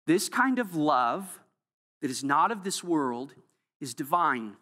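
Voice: mid-range voice, animated, normal speed. Emphatic preacher in a reverberant hall. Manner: emphatic, swings between soft and loud. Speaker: pastor. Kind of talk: sermon.

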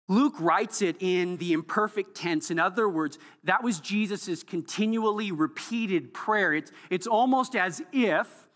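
Emphatic preacher in a reverberant hall. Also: mid-range voice. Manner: emphatic, swings between soft and loud. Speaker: pastor. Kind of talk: sermon.

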